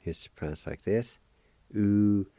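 On a radio language lesson, a teacher and radio host with a very low, dark voice works slowly through vocabulary. He patiently spells each word and repeats it several times with encouragement, and the recording is dry and close.

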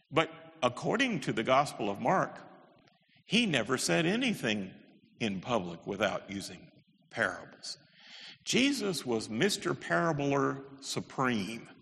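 A man's voice: medium pitch, big pitch swings, unhurried, gravelly, a bit bright. A man giving an emphatic lecture, with wry asides and stressed key words. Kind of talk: animated lecture on the Bible. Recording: echoey hall with long reverb.

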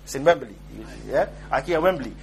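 A man's voice: on the high side, lively intonation, a little fast, a little hiss or hum. A man giving an informal religious lecture, conversational and joking, often checking in with his listeners. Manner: conversational, joking, keeps asking "yeah?". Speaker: Islamic preacher.

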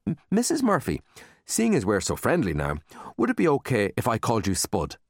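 A man's voice: mid-range voice, huge pitch swings, a little fast, no room sound, studio quality, pitched above the performer's own voice. A man voicing a scared, earnest young schoolboy who stammers and pleads. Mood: pleading.

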